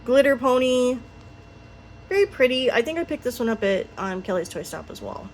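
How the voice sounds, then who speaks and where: A woman's voice: fairly high pitch, very animated, normal speed, a little hiss or hum. A woman chatting casually through her toy collection, rambling with frequent ums and little laughs. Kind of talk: casual show-and-tell chat.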